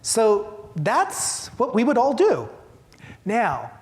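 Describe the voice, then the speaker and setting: A man's voice: high-pitched, huge pitch swings, extremely slow. Man leading a staff training in a hall. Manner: emphatic, rhetorical questions, acts out reactions. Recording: long hall reverb.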